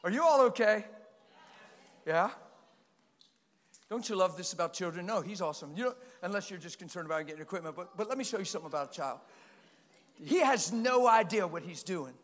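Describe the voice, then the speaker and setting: A man delivers an animated, passionate sermon, his voice high and ringing. His talk swings between quiet asides and sudden loud bursts. A long reverb from a large hall trails after his words. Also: fairly quick. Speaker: preacher.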